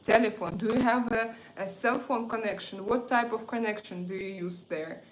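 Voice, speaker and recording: A woman's voice: on the high side, normal speed, roomy sound, background noise. A woman from Russia with a Russian accent, hosting a makeup livestream in casual chat, hesitant with many fillers and restarts. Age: 30s or 40s. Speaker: beauty livestream host.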